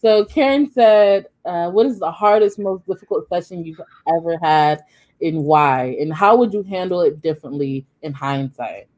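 A woman's voice: fairly low pitch, moderate pace. Bubbly young woman moderating. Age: young adult. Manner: bubbly, youthful slang, animated storytelling. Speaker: session moderator. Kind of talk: casual virtual talk.

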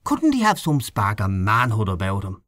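A man's voice: fairly low pitch, huge pitch swings, moderate pace, fairly bright tone, no room sound, studio quality. A man voicing a grumbling, gossipy middle-aged canvasser in a storybook reading, scornful and snuffling, with a conspiratorial manner.

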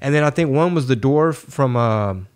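A man's voice: mid-range voice, animated, normal speed, a little mellow, clean tone. A man hosting a podcast, chatting casually and telling rambling stories full of swearing. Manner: profane, rambling storytelling. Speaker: podcast host.

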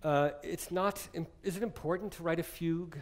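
A man's voice: on the high side, fairly even intonation, normal speed, a little hiss or hum. A man giving a conversational, jokey music lecture, often digressing as he explains a piece. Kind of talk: lecture-demonstration on chamber music.

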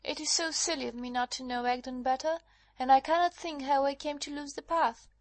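A man's voice: very high-pitched, fairly even intonation, dry recording, voice pushed up. A man voicing an anxious young woman who is lost at night and begging for help, in an audiobook reading. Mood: urgent. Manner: pleading, hurried. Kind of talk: audiobook character voice.

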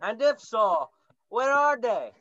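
A young woman voicing a brave, gruff little male cinnamon bear in a school play, bossy and mock-ferocious. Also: on the high side, very animated, slow pace, a bit bright, highs cut off, full character voice. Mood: indignant. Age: young adult. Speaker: student actor. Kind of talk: stage play acting.

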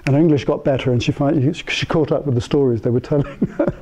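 An older man giving an informal talk to a small group of therapists, telling anecdotes in a conversational way and thinking aloud with pauses and restarts. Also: mid-range voice, dark tone, a little hiss or hum, poor audio. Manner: conversational, anecdotal storyteller who mimics the people in his stories. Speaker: speaker addressing psychotherapists. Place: meeting room with a small live audience.

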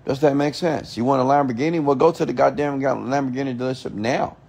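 Guy doing a late night motivational rant, mid-pitched voice, keeps repeating himself, asks "does that make sense", drops swear words. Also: fairly even intonation, fast, gravelly, a little mellow, husky. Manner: emphatic, repeats himself, asks rhetorical questions; swears casually. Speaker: motivational speaker.

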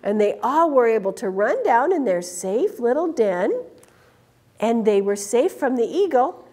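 A storytime reader reads a picture book aloud to children in an animated way, pausing to ask them questions. Her voice is fairly high and her pace measured.

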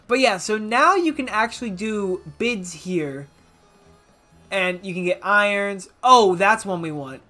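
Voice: mid-range voice, sharp tone. Rambling, self-mocking let's play commentator. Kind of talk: casual gameplay commentary.

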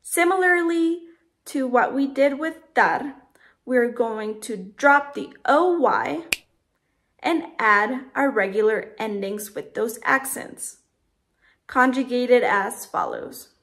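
A woman teaching Spanish verbs in a scripted lesson, speaking slowly and carefully, spelling out letters and conjugations one by one. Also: fairly high pitch, fairly bright tone.

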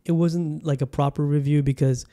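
A podcast host in Bangkok speaks at normal speed in a mellow, slightly high voice with a steady tone. He rambles through a casual solo chat, often beginning sentences again as he talks to the audience.

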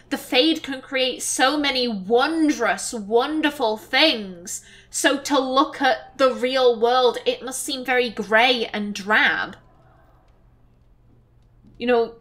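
A woman commentates casually on a let's play, chatting and thinking aloud about her choices. Her voice is high and bright, and she talks at a relaxed, unhurried pace.

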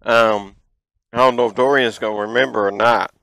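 A man in his fifties hosting a show, telling childhood stories in a folksy, animated way. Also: mid-range voice, moderate pace, creaky, dry recording, poor audio. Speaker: show host. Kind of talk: storytelling childhood memories.

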